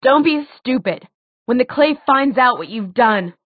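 A woman voicing a young heroine who speaks with urgent, loud outbursts. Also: high voice, normal speed, breathy edge, no room sound, pitched above the performer's own voice. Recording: tinny phone-like dry sound.

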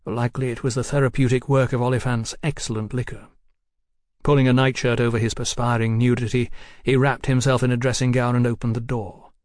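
A man's voice: mid-range voice, dry recording. Man narrating a novel, dry close sound. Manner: measured, even storytelling. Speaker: audiobook narrator. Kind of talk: scripted narration.

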